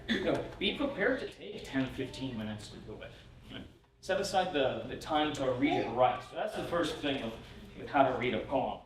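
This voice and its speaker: A man's voice: medium pitch, slight background noise. A man teaching a workshop on reading poetry, in a casual, chuckling way with many fillers and restarts. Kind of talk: conference lecture. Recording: roomy hall from a distant mic.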